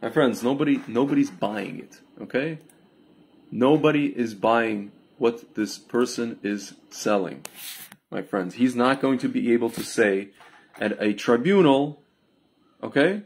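A man's voice: measured pace, husky. A man giving a rambling, casual livestream monologue to his viewers, often calling them "my friends" and "guys" and slipping into mocking impressions. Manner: animated, jumps into mocking high-pitched impressions. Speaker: online commentator.

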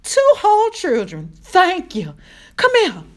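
A woman reading aloud and voicing an emotional grown woman who cries out in a high, wild voice. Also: huge pitch swings, takes it slowly, heavily acted. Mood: overjoyed.

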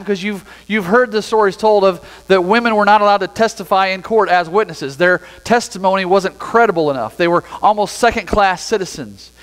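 A man preaching a sermon as pastor, reading scripture aloud and then explaining it in a relaxed, conversational way. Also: high-pitched, big-room sound, low-quality recording. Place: church sanctuary.

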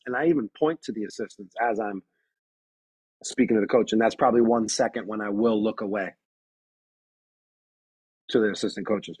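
A man's voice: fairly low pitch, moderate pace, long pauses, a little mellow, slightly rough, no room sound, poor audio. A man giving a webinar presentation as a referee trainer, talking firmly and emphatically, repeating his key phrases.

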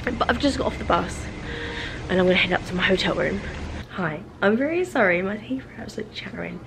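A woman's voice: lowish voice, lively intonation, a little fast, background noise. A young woman vlogging casually, chatty and openly emotional as she talks to camera. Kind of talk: casual travel vlog.

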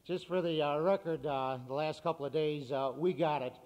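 A man's voice: a little high, fairly even intonation, a little mellow. A man, a farm radio broadcaster, addressing a meeting and reading market prices in an upbeat manner. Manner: upbeat, reads figures briskly. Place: meeting hall. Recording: cassette with hall reverb.

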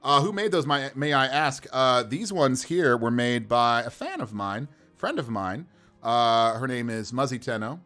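A man running a game on a livestream chats easily as he rolls dice for characters, lively and laughing frequently. He talks at a medium pitch without hurrying, faint music behind him.

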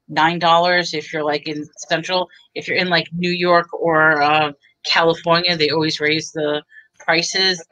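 A woman pitching bargains on a live stream in a chatty, bubbly way. Her voice is bright and forward, and she keeps talking up each deal as she shows the items. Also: lo-fi sound. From Texas. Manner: chatty, bubbly, pushes deals. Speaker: seller on a live online auction.

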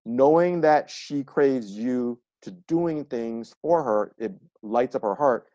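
A man's voice: medium pitch, takes it slowly, dark tone, no room sound, highs cut off. Guy coaching on a podcast, earnest, lots of examples, dry sound. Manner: earnest, explains with examples and acted-out asides. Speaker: trauma coach guest. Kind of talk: casual podcast conversation.

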